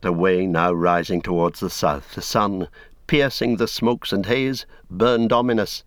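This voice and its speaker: A man reading a story aloud in measured, solemn narration. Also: low-pitched, steady tone, dry recording, clean studio sound. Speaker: audiobook narrator. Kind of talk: scripted narration.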